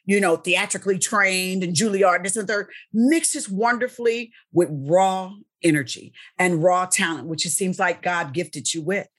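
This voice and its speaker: Husky-voiced effusive woman host. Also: fairly low pitch, measured pace, few pauses. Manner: effusive, exclamatory. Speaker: interview host. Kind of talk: casual interview talk.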